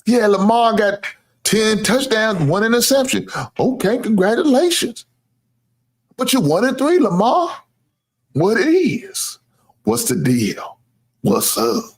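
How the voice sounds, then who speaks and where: Speaking slowly with long pauses, a man with a high-pitched, slightly rough voice swings his pitch widely. In his role as sports show host he rants casually to viewers, trash-talking, boasting, teasing, cursing freely and laughing at his own jokes.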